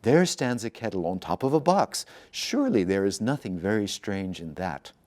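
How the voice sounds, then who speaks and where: A man's voice: on the low side, very animated, normal speed, darkish tone. A man voicing a fussy, drowsy old temple priest in a storybook reading. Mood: scoffing. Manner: doubting, scolding.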